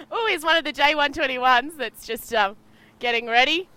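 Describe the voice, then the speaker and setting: Speaking from a boat at sea, a bubbly young Australian woman chats and laughs often while commentating a sailing race live. Her high-pitched, sharp-toned voice moves at a moderate pace, with no room sound.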